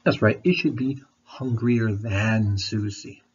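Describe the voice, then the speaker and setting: A man's voice: on the low side, steady tone, slow. A man teaching an online English lesson, talking patiently and repeating his questions, with a throat candy in his mouth. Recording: dull lo-fi recording.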